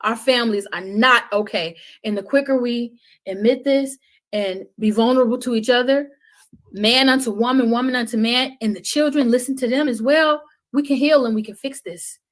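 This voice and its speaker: A woman speaking as a podcast guest, impassioned, with a preaching cadence that swings between loud and hushed. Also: on the high side, normal speed, rough recording. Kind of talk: passionate podcast talk.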